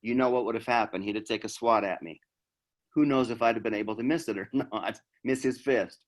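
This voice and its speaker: A man's voice: fairly low pitch, fairly quick. A middle-aged man from Utah, a law enforcement trainer telling a story in a conversational training talk and acting out the dialogue.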